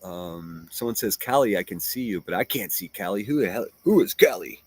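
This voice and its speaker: A man's voice: sits low, animated, fairly quick, breathy edge. A man hosting a livestream, reading chat and ranting in a profane, mocking and combative way. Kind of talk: casual livestream rant.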